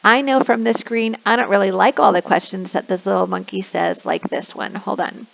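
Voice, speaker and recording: Gravelly-voiced woman teacher, lo-fi recording. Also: medium pitch, steady tone. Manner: switches into slow, exaggerated sing-song when modeling classroom prompts. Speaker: online English teacher giving a tutorial. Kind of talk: instructional screen walkthrough. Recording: dull lo-fi recording.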